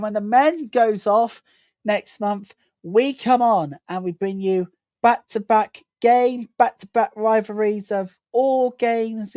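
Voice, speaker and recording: A woman hosting a live football watchalong, giving chatty play-by-play and building excitement whenever an attack comes. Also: medium pitch, no room sound. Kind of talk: live match commentary.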